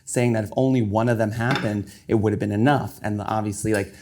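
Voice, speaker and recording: A young man talks casually while he cooks. His voice sits on the low side, and he explains as he goes, with plenty of "like" and "um". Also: fairly even intonation, fairly quick, a little mellow, slight background noise. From New York. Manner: chatty, explaining as he cooks, many fillers like "like" and "um". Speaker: chef and cookbook author guest. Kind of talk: casual chat while cooking.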